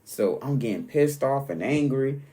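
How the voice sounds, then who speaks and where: Guy doing his own podcast, just rambling and telling stories, animated, voice jumps up high when he gets into it. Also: normal speed. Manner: rambling, animated storytelling with sudden pitch jumps. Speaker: podcast host. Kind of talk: casual solo podcast monologue.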